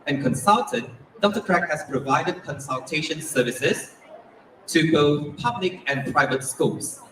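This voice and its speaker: A man working as emcee, reading a scripted, formal introduction of a keynote speaker at a conference. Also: mid-range voice. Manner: scripted, reads a formal biography. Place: large conference hall. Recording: echoey hall, distant mic, faint noise.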